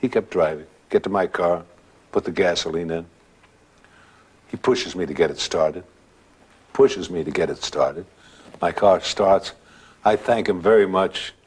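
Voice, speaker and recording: Deep husky man telling a ghost story. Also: a little slow, pauses often. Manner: dramatic, conversational storytelling. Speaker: guest storyteller. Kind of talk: spoken ghost anecdote.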